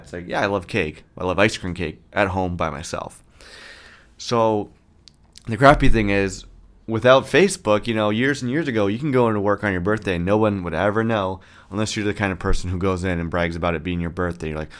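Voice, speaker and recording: He's in his thirties, hosting a casual solo podcast and talking a little fast in a lowish register. The rant is profane and sarcastic, delivered in what he himself calls a monotone.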